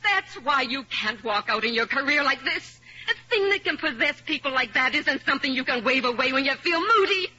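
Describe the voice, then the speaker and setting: Possessive pleading woman, high bright voice, old radio drama. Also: expressive, fairly quick, hardly any pauses, lo-fi sound, slight background noise, heavily acted. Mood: impassioned. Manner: pleading and insistent. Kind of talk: 1950s radio acting.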